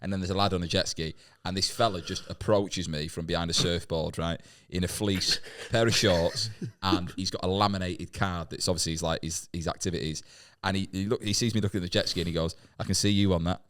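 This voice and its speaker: A man's voice: low-pitched, fairly even intonation, brisk, hardly any pauses, fairly bright tone. A man telling a rambling, sweary travel story in casual podcast chat, full of restarts. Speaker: comedian podcast guest.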